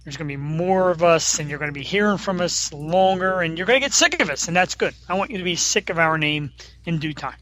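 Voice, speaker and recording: A man's voice: on the high side, fairly quick, fairly bright tone, a little hiss or hum, low-quality recording. A man co-hosting a casual sports podcast, playful and teasing, laughing often. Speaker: podcast co-host.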